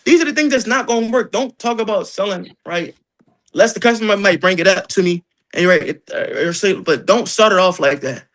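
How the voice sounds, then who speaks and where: A man leading an energetic sales training session, joking and acting out doorstep exchanges. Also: high-pitched, fast.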